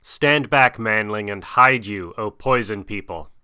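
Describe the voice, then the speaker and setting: A man reading aloud and voicing a huge old male python who speaks in a slow, hissing, menacing way. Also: on the low side, pushed and bright, smooth, no echo, clean studio sound. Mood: calm. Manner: slow, hissing, drawn-out speech.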